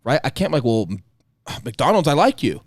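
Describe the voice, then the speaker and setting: Fast-talking, blunt podcast co-host man. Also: medium pitch, very animated, no room sound, clean studio sound. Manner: blunt, profane storytelling with reenacted dialogue. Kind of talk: casual chat.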